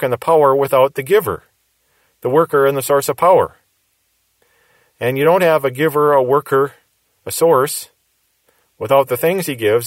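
A man's voice: mid-range voice, no echo. A man preaching a verse-by-verse Bible teaching sermon, explaining patiently and repeating key phrases for emphasis.

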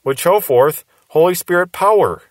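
A man's voice: sits high, animated, normal speed, no echo. A man preaching a verse-by-verse Bible teaching sermon, explaining patiently and repeating key phrases for emphasis.

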